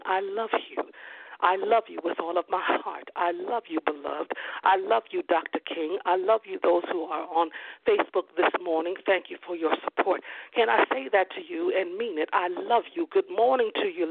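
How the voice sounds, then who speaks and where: A woman's voice: mid-range voice, vocal fry, breathy edge, no room sound. A middle-aged woman preaching a fervent sermon, calling out amens and hallelujahs as she teaches. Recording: tinny phone-line radio broadcast.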